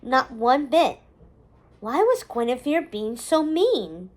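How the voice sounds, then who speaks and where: A woman reading a novel aloud in a measured, expressive storybook manner. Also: high-pitched.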